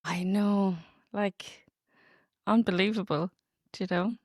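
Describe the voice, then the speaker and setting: A woman's voice: medium pitch, steady tone, slow, a little mellow, dry recording, studio quality. A woman co-hosting a casual podcast, chiming in with incredulous agreement and short laughs. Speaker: podcast co-host.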